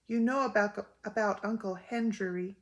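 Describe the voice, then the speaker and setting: A woman's voice: medium pitch, unhurried, lightly acted. An older woman voicing an anxious, fussy mother who tells gossip with emphatic exclaims, in a storybook reading. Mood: grave.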